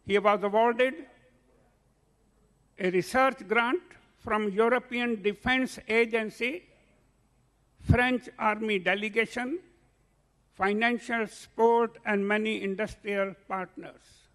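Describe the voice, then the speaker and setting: A man chairing a conference, formally introducing a speaker by reading out a list of achievements in a measured way. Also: high voice, fairly even intonation, fairly bright tone.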